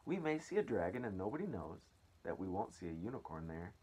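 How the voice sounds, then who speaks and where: Giddy grinning centipede done by a man, sing-songy rhymes, pitch all over the place, kinda husky. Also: big pitch swings, fairly quick, warm tone, heavily acted. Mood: gleeful. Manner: sing-song rhyming recital, swooping pitch. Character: grinning excitable male centipede, boastful.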